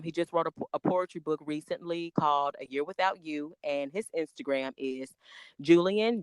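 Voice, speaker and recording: A woman, chatting as a guest on a podcast, excitable and talkative, spelling out names letter by letter. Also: deep voice, smooth, dry recording. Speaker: podcast guest, makeup artist. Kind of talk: casual podcast chat.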